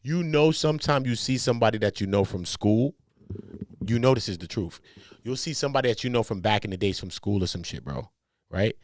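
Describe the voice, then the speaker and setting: Slangy, animated male commentator. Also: a little fast. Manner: slangy, emphatic, swings between loud outbursts and low mutters. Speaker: commentary host.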